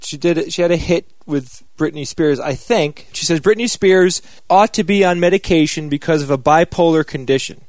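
Man, American, high-pitched, joking, casual podcast chat. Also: normal speed, few pauses, a little mellow, dry recording. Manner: joking, easygoing. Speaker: podcast co-host.

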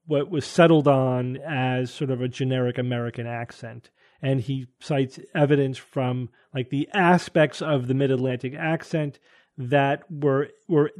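A man's voice: mid-range voice, darkish tone. A man hosting a casual panel talk show, thinking aloud and hedging with frequent restarts. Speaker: podcast host.

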